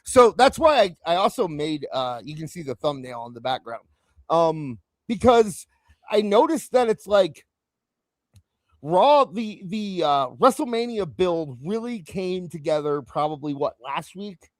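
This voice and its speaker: Man, podcast host, high voice, very animated, dry close sound. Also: unhurried, no room sound. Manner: animated, rambling, jumps in pitch. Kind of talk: casual wrestling talk show chat.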